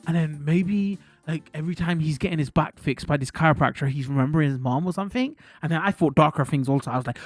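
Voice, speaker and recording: A man's voice: fairly high pitch, fast, faint music behind. A man chatting casually on a live stream, telling rambling stories full of slang and laughter.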